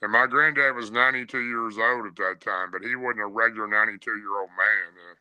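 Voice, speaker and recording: A man, a podcast guest telling a first-person encounter story in a plain way, pausing often on "uh". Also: lowish voice, fairly even intonation, pushed and bright, smooth, no echo, rough recording. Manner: plain storyteller with frequent "uh" pauses.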